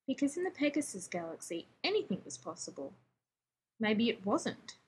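A woman narrating a story aloud in a steady, expressive reading. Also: on the high side, normal speed, breathy edge, low-quality recording. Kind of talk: fan fiction audiobook reading.

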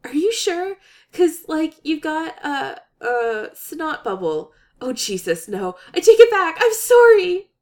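A woman voicing an excitable, babbling young woman who panics and snaps back loudly in a read-aloud story. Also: high-pitched, voice pushed up. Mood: panicky. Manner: rapid flustered babble, loud outbursts.

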